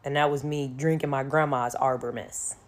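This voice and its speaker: Woman with a low voice, slangy storytime talk, acting out all the quotes. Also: steady tone, moderate pace. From Chicago. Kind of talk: casual storytime monologue.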